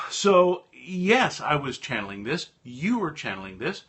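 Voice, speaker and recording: A middle-aged man telling a rambling, animated personal story in a casual monologue to his viewers. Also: fairly high pitch, slow pace, hardly any pauses. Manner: animated, rambling, with frequent restarts. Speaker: host of a live stream talk.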